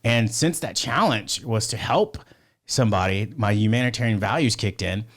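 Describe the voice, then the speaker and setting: Low-voiced man telling a rambling story. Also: animated, moderate pace. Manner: rambling, profane, many fillers and restarts. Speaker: podcast guest. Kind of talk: casual storytelling.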